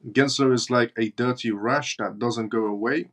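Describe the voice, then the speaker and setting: A man's voice: mid-range voice, steady tone, normal speed, a bit bright. A man with a British accent hosting a live stream, reading news and viewer comments aloud in a blunt, mocking way. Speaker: crypto livestream host.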